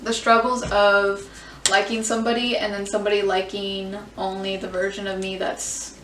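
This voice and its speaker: A young adult woman chatting candidly in a casual reaction vlog, expressive, swearing freely and filling with "like". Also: mid-range voice, normal speed, slight background noise. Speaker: vlogger. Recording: roomy sound, mic at a distance.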